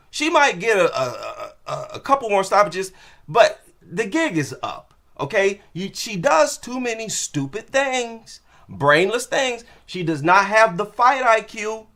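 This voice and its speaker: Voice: medium pitch, fairly bright tone. A combat sports commentator ranting after a fight, blunt and scolding, firing one rhetorical question after another in casual slangy talk. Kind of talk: post-fight rant to camera.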